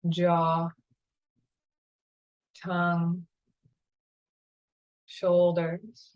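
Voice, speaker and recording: A woman yoga teacher leading a guided meditation in a slow, calm, soothing way. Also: fairly low pitch, highs cut off. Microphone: camera mic, seated on a chair.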